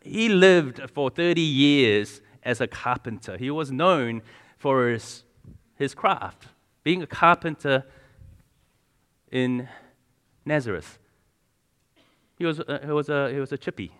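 A man delivers a sermon to a congregation, talking to them casually and quizzing them with questions along the way. He often stumbles, restarts and repeats words as he goes. His voice sits at an ordinary pitch and carries a long reverb from a large hall. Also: expressive, takes it slowly, pauses often, fairly bright tone, clear, resonant tone. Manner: conversational, asks the congregation questions. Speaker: preacher.

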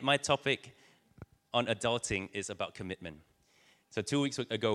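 A man's voice: lowish voice, bright, forceful tone, big-room sound. A man giving a casual sermon to a church crowd, telling stories with many fillers and restarts. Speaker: church speaker. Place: church hall.

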